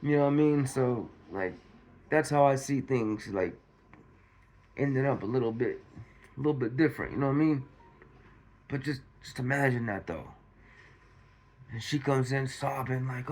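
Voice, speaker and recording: A man's voice: medium pitch, moderate pace, long pauses, darkish tone. A man from Modesto, California, giving casual, slangy commentary on a news story and acting out scenes with swearing.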